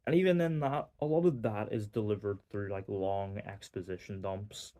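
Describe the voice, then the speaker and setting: A man's voice: lowish voice, steady tone, normal speed, mellow. A young man with a Northern Irish accent giving a casual, rambling movie review, full of fillers and wry asides. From Northern Ireland. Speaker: film reviewer.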